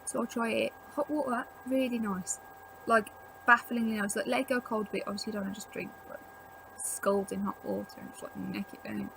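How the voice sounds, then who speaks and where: A woman's voice: mid-range voice, steady tone, brisk, gravelly, a bit bright, a little hiss or hum, poor audio. A young woman chatting casually to camera at home, rambling with lots of "like" as she gives tips. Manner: rambling, chatty, filler-heavy with frequent "like". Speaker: vlogger. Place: at home indoors.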